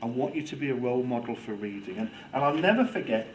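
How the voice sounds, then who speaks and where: A man giving a lively, theatrical talk to a student audience on children's reading, playing for laughs. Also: mid-range voice, fast, a little hiss or hum, poor audio. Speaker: guest speaker on children's reading. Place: lecture room with audience.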